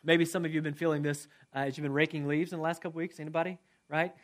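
A middle-aged man delivers a sermon and closing prayer in a fairly high, conversational voice. He asks his congregation questions, then drops from loud emphasis into soft, hushed prayer. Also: flat delivery, racing. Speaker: pastor.

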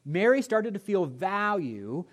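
A male pastor delivering a sermon in a church, his voice sitting a little high for a man. He preaches with a storyteller's humor and swings his volume up and down for emphasis. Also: sing-song, slow.

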